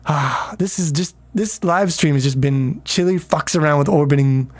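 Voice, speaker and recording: A man's voice: a little high, moderate pace. A man casually commenting on his game during a livestream, rambling, swearing freely and chatting with viewers. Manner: rambling, profane, talks to chat.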